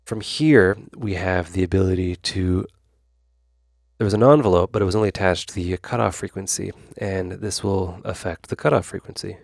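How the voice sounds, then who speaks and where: A man's voice: deep voice, moderate pace, gravelly, dry recording, studio quality. A man hosting his own channel, walking through a synth demo in a loose, rambling way, full of fillers and side remarks. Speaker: YouTube host. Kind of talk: casual synth demo tutorial.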